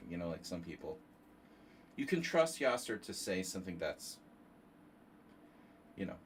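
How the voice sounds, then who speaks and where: A lower-voiced man with a nasal tone chats loosely to his viewers while he plays online chess, drifting into offhand, self-deprecating asides. He sounds a little distant from the mic, with a faint hiss of background noise. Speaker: chess streamer hosting a tournament. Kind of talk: casual livestream commentary while playing.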